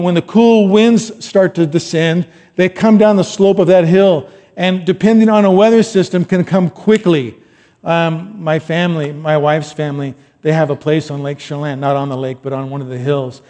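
A middle-aged male pastor preaches with a raised, mellow voice. His talk is loose and chatty, full of asides, and now and then he rises to loud emphatic lines. The sound rings with a long hall reverb. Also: on the high side. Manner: conversational, rambling asides, rising to loud emphatic quotes. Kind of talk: sermon.

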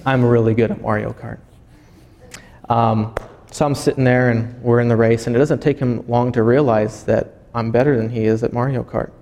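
A man, a pastor, preaching a sermon as animated storytelling and acting out voices. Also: mid-range voice, moderate pace, big-room sound.

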